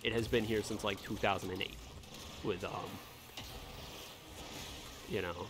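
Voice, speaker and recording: A man ranting in a casual gaming vlog, animated and heated, swearing freely as he argues his point. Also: on the low side, unhurried, noisy background. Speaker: gaming video creator.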